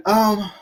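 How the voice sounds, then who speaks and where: A man's voice: very high-pitched, breathy edge. A man co-hosting a wrestling podcast in casual chat, often stammering and repeating words as he talks. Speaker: podcast co-host.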